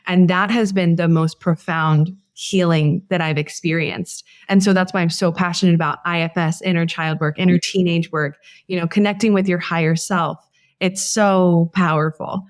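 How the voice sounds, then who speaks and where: A woman hosting a podcast in a relaxed conversation. She speaks in a lowish voice that is earnest and heartfelt, and thinks aloud as she goes. The sound is dry and close, with hardly any room around it. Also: moderate pace, few pauses, dry recording. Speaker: podcast host. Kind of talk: casual conversation.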